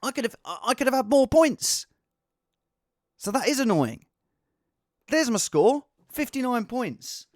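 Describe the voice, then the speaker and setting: A comedian hosting his show in a lively, rambling monologue. His pitch leaps all over the place, he jumps from bursts of shouting to low mutters, and the sound is dry and close to the mic. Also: unhurried, pauses often, no room sound. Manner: animated, swings from shouting to mumbling. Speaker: podcast host and impressionist.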